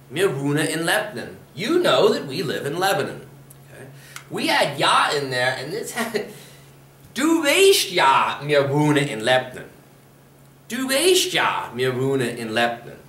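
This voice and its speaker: A man from Pennsylvania gives a spoken language lesson, explaining patiently and going over example phrases more than once. His voice sits a little high and moves with lively pitch. The recording has a roomy echo. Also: slight background noise. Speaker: language teacher.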